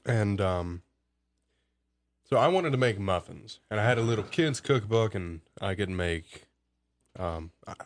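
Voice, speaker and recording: Laid-back eighteen-year-old man, rambling. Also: fairly low pitch. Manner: relaxed, rambling, self-mocking with laughs. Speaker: guest. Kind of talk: casual storytelling.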